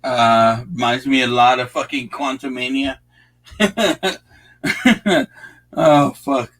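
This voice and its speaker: Young guy hosting a movie watch-along, mid-pitched, profane, rambling, casual. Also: takes it slowly, fairly bright tone, poor audio. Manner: profane, rambling, laid-back with frequent fillers.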